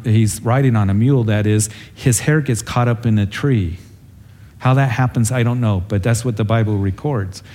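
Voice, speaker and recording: A man's voice: fairly low pitch, warm tone. A man preaching as pastor, teaching through a Bible story in an earnest, conversational way and acting out the characters' lines. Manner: storytelling, acts out the characters with a raised voice.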